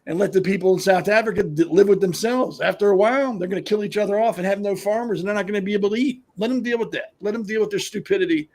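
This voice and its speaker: Man, high pitch, husky, blunt, emphatic, panel co-host. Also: fast, hardly any pauses, darkish tone. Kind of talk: opinionated panel talk.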